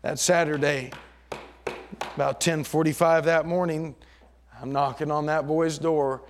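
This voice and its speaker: A middle-aged man preaching a sermon as pastor, swinging between loud emphatic passages and hushed storytelling. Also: fairly high pitch, fairly even intonation, measured pace, slight background noise.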